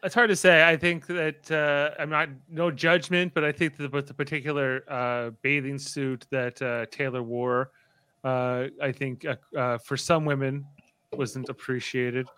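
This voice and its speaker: Hesitant man with a smooth bright voice. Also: medium pitch, little pitch movement, no room sound. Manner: hesitant, many "uh" pauses. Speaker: podcast co-host. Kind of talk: casual chat.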